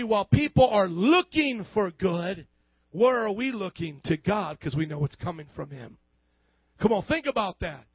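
A male pastor preaching a sermon, calling for amens and dropping from hushed lines to loud bursts. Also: high-pitched, no echo. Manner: call-and-response preaching, swings from hushed to loud. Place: church service. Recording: dull lo-fi church recording with faint music.

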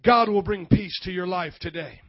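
A man preaching a lively sermon in a church, shifting between loud shouts and quiet passages. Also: high-pitched, moderate pace, muffled recording. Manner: energetic, swings from shouting to hushed. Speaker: pastor.

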